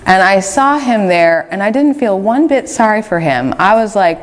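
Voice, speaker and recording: A woman's voice: mid-range voice, expressive, normal speed, in a large hall. A woman giving a spiritual talk to a group, telling her own experiences in a candid, conversational way with frequent fillers. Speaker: retreat speaker.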